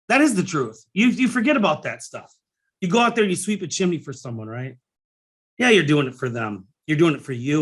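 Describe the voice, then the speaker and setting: A middle-aged business coach hosts his own podcast in a casual solo monologue, rambling emotionally with many restarts, fillers, and some casual swearing. His voice is fairly high and fairly bright, with lively intonation and a slightly fast pace.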